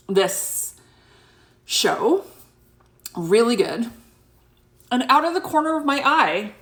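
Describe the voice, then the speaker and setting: Casting note: woman in her thirties, spiritual vlogger chatting casually, rambling with lots of fillers, mid-pitched voice. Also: fairly bright tone. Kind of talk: casual chat to camera.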